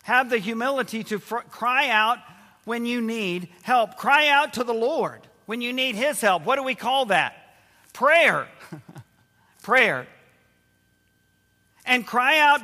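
A male pastor preaches with a fairly high, bright voice, earnest and given to repeating his key phrases. The sound is that of a church sanctuary, with a long reverb hanging after his words. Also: expressive, slow pace. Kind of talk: sermon.

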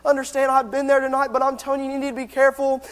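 High-pitched fervent male preacher in a hall. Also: monotone, rapid-fire, fairly bright tone. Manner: fervent, impassioned preaching to the congregation. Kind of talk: sermon.

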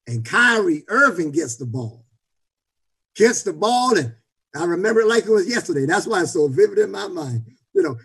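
A man preaching an impassioned sermon to his congregation online, shouting and repeating phrases as he builds. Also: high voice, slightly rough, low-quality recording. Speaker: pastor. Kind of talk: livestreamed sermon.

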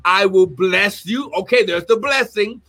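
A man preaching a livestreamed sermon, reading scripture aloud and breaking into shouts and exclamations. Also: sits high, unhurried. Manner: reads scripture aloud and comments.

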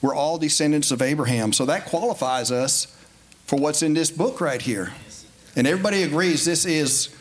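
A man preaching a folksy, conversational sermon in a church, building to emphatic high points. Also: moderate pace. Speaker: lay preacher. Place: church sanctuary. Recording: faint background noise.

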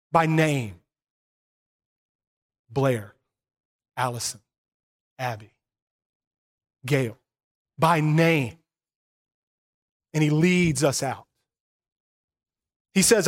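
A pastor preaching a sermon, earnest, moving between hushed and emphatic passages. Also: male voice, a little high.

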